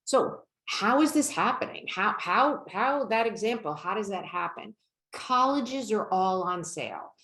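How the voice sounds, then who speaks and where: A woman's voice: medium pitch, lively intonation, a little slow, a bit bright, roomy sound. A woman presenting a webinar on college financial aid. She explains in a conversational way and keeps checking in with her listeners by asking "right?".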